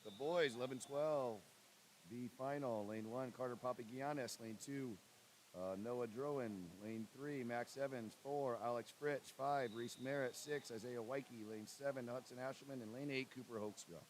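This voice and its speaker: A man announcing lane assignments and calling races as commentator for a swim meet livestream, with a steady list-reading cadence. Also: medium pitch, moderate pace, a little hiss or hum. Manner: reads lane lists in a steady cadence, banters with co-host.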